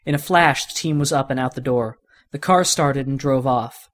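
A man's voice: mid-range voice, normal speed. A man reading a fan-written story aloud, narrating expressively. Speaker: reader.

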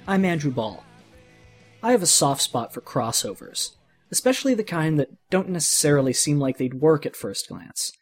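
A man hosting a podcast and reading a fan fiction story aloud in a steady, conversational way. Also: on the high side, husky. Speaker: podcast narrator.

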